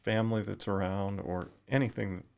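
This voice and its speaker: A middle-aged man with a low, heavily gravelly voice speaks in a level, even tone. He talks reflectively as a podcast guest, often pausing and restarting his sentences. His pitch stays low and changes little. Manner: thoughtful, halting with frequent restarts. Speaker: retired firefighter guest.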